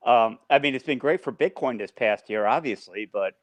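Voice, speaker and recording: A man hosting a casual podcast who talks in halting bursts, often restarting and swearing. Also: medium pitch. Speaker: podcast host.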